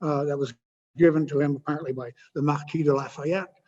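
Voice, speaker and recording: A man giving an informal history lecture, halting often with filler sounds and adding wry asides. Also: a little high, fairly even intonation, darkish tone. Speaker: guest speaker. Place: lecture hall. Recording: muffled with long hall echo.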